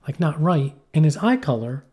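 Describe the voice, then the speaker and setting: Man, podcast co-host, casual chat, rambling and animated, mellow relaxed tone. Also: on the high side, normal speed, breathy edge. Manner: rambling, animated storytelling with playful mock accents. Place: poorly heated shack.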